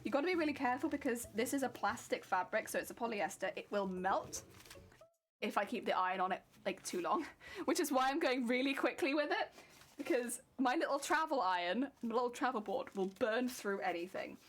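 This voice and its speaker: A woman's voice: on the high side, animated, a little fast. A young woman from Wales chatting casually on a livestream while ironing fabric, reading chat aloud and laughing often. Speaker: craft streamer.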